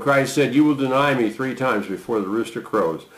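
Male preacher, sermon, mid-pitched voice, reads scripture with raised voice, low reflective asides, roomy echo. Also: moderate pace. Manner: lifts voice to read quoted lines, drops low for reflection; conversational asides with fillers. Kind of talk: sermon reading and explaining scripture.

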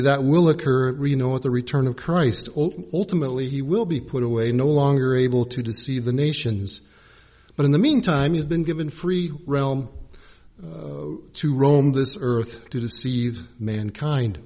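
Measured preacher man, slightly high voice. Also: a little mellow. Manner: measured, spells out Greek and Hebrew words letter by letter. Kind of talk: sermon.

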